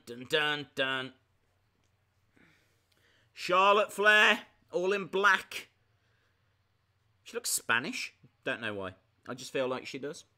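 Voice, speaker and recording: A man giving casual live reactions as a streamer, chatty with excitable, jokey asides. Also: fairly high pitch, clear, resonant tone.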